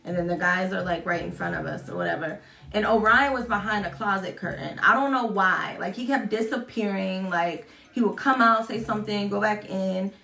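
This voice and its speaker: A woman's voice: moderate pace, vocal fry, bright, forceful tone. Chatty woman in an echoey room. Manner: chatty, swearing, self-mocking, acts out quotes in high voices. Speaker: vlogger. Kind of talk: casual storytelling vlog.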